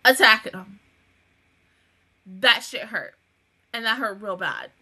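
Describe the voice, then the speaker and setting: A woman hosting a casual anime reaction review, emotional and swearing freely, dropping from low mutters to laughing, near-tearful outbursts. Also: takes it slowly, sharp tone, husky.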